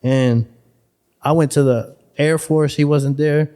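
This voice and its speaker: A man from Buffalo, New York, talking as a podcast guest, telling his story in a profane, streetwise, animated way. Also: on the high side, takes it slowly. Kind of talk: casual storytelling chat.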